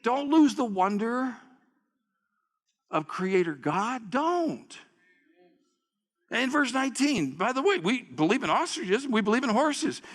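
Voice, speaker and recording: A male pastor preaching a sermon in an animated, laughing way, calling on the congregation to repeat words after him. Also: very high-pitched, slow pace, pauses often, in a large hall.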